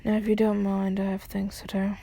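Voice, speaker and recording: Woman reading a rude teen boy assassin: low mutter, gravelly fry, husky. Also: monotone, a little fast, dark tone. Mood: annoyed. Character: young man, a bored, rude teen assassin.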